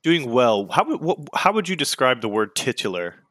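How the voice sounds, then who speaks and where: An excitable young man co-hosting a casual podcast, laughing often and swearing casually. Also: medium pitch, normal speed, no echo. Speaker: podcast co-host. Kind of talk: casual chat.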